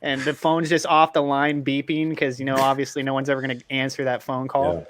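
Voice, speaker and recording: A man hosting a casual live-stream discussion, animated and joking as he puts questions to the others. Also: medium pitch, fairly quick, slight background noise.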